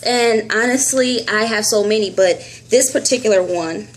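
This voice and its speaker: A woman's voice: on the high side, normal speed, slight background noise. A woman vlogging a casual update into a phone held close, telling a story animatedly, acting out dialogue and laughing often. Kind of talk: casual health update vlog. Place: at home.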